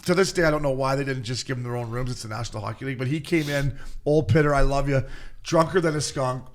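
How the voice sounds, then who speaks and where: Guy on a hockey podcast, mid-pitched voice, swearing his way through a story. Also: fast. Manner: profane storytelling, acts out quotes. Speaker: podcast co-host, former pro hockey player. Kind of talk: casual chat.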